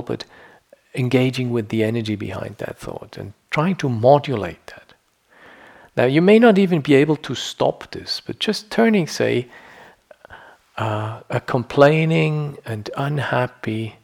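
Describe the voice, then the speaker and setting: A middle-aged man with a creaky, mid-range voice gives a dharma talk on meditation. He's reflective and conversational, frequently checking in with "you know" and "yeah."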